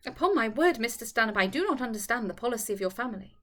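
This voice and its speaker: A woman's voice: a little high, lively intonation, fast talker. A woman reading as a proud young widow, sharply indignant. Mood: exasperated. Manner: haughty, sharp, sarcastic.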